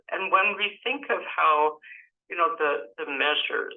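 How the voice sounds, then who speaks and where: An older Canadian woman giving a webinar talk, telling a personal story slowly and deliberately, with emphatic repetition and a gravelly voice. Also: deep voice. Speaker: webinar speaker. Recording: tinny phone-like audio.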